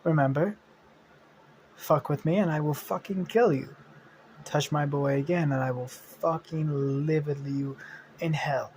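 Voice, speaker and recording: Male reader playing a protective demon mother in a fan story; soft apologies, profane threats. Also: a little high, measured pace, slight background noise, natural voice. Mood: threatening.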